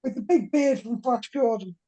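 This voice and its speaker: A woman's voice: fairly high pitch, moderate pace, dark tone. A woman, a tabletop game player, chatting and describing characters with easy laughs. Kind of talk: tabletop role-play chat.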